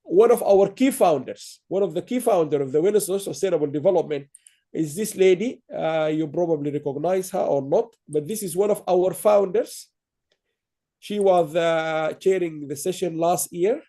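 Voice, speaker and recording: A man hosting an awards ceremony over a video call, his voice pitched high for a man and soft and mellow in tone. He speaks haltingly, restarting phrases and filling gaps with "uh" as he praises the winners. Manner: halting, repeats words, many fillers. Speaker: awards host. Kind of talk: online awards ceremony speech.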